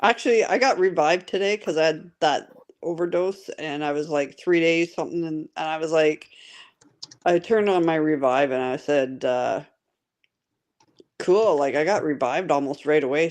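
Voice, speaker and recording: A woman's voice: sits low, moderate pace. A woman hosting a casual podcast chat about an online game, rambling and laughing often with lots of fillers. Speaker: podcast host.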